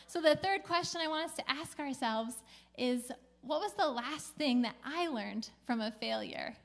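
A woman pastor giving a sermon in a relaxed, conversational storytelling way, with a few casual fillers. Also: high voice. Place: church.

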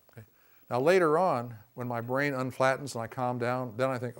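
Male lecturer with a mid-range voice, conversational, leaning on "you know" and "see", bursting loud when he acts out quoted voices. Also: medium pitch, fairly even intonation, normal speed. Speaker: teacher of a boundaries class. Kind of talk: classroom lecture.

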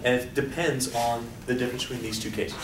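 Animated male lecturer, teasing his class; roomy, distant sound with faint hiss. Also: mid-range voice, brisk. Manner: animated, joking, asks class questions. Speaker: college statistics teacher. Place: lecture hall. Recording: echoey hall, voice off-mic, faint hiss.

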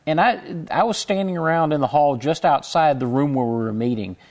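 Gravelly middle-aged man telling a story. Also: fairly high pitch, fairly quick, a little mellow. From Houston, Texas. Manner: rambling, self-correcting storyteller. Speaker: guest. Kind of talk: conversational interview.

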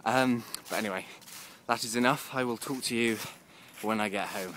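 A man's voice: mid-range voice, normal speed, fairly bright tone, a little hiss or hum. A man, rambling casually in a video diary and often laughing. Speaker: vlogger.

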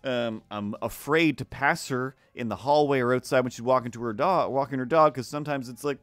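A man's voice: medium pitch, a little fast, few pauses, dry recording. Rambling sarcastic man storyteller. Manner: rambling, sarcastic, acts out quoted neighbors. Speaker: streamer. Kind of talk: casual rambling storytelling while drawing. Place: home art stream setup.

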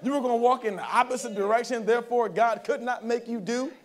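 A man's voice: very high-pitched, quick pace. A male pastor preaching a sermon at a church service in a conversational way, often checking in with the congregation.

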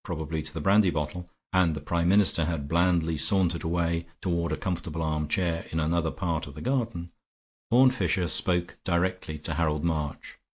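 A man narrating an audiobook in a steady, brisk reading style. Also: deep voice, breathy edge. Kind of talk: scripted narration.

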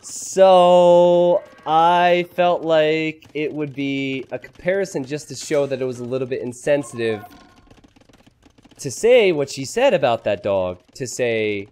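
A young man casting a game live for his stream, joking with chat and teasing himself in an excitable way. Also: fairly high pitch, unhurried, clear, resonant tone.

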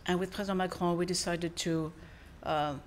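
A woman with a French accent and French as her first language, a foreign minister delivering a formal speech and taking questions, measured with frequent pauses and fillers. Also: on the low side, fairly even intonation, slight background noise.

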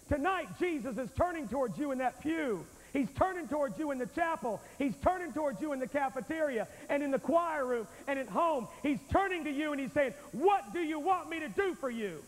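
A man preaches a fiery, emphatic revival sermon, pressing his listeners and calling each one friend. His voice runs very high for a man and rolls through a big church hall with a long echo. The sound carries the dull wear of an old tape. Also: lively intonation, normal speed. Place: large church sanctuary.

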